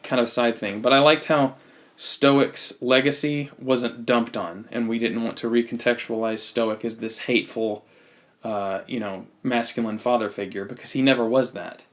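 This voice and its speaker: Male podcast host, mid-pitched, casual and opinionated, blunt critic who restarts sentences often. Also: fairly even intonation, moderate pace. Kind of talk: casual movie review chat.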